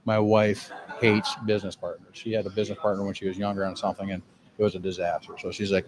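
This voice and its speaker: A man's voice: fairly low pitch, fast, darkish tone, poor audio. A man, a cigar lounge owner telling a rambling, profane, self-mocking story in a lounge. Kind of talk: casual storytelling.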